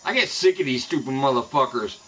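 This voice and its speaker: A man streaming a fishing game rants angrily at rival streamers, cursing constantly in a mid-range, somewhat bright, husky voice. He sounds animated and brisk, and the recording is rough in this profane live gaming stream rant.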